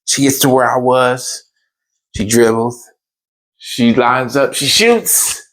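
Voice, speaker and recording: A man's voice: mid-range voice, slow. A man telling a funny personal story, acting out the voices in it. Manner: animated, acts out the voices in his stories.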